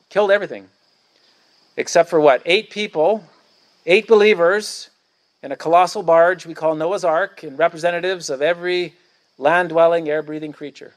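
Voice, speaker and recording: A male pastor delivers an outdoor sermon, his voice sitting a little high for a man. He preaches in an emphatic, declamatory way, repeating key phrases for weight. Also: fairly quick. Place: outdoors at a church picnic.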